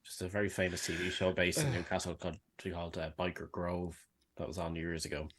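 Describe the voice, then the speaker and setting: A man's voice: low voice, little pitch movement, quick pace, fairly bright tone, breathy edge. A man co-hosting a podcast, joking and rambling in casual banter. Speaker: podcast co-host.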